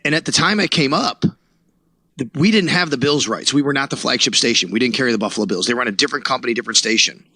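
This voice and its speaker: A man in his forties, a guest on an interview podcast, telling his story in an animated way and acting out what others said. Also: mid-range voice, quick pace, slightly rough, dry recording. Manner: animated storyteller who acts out quotes, laughs. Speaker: guest, sports radio reporter.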